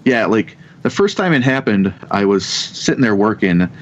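A man in his thirties telling a ghost story in casual chat, rambling and halting with many restarts and casual swearing. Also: fairly low pitch, big pitch swings, slight background noise. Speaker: podcast guest telling ghost stories. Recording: dull lo-fi sound.

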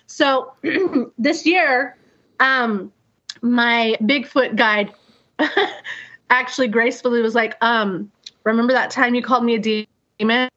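Speaking slowly in a voice on the high side, a middle-aged woman recounts a personal story to a group. Her delivery is casual and animated, full of acted-out sounds, quotes, and free swearing. The sound quality is dull and lo-fi.

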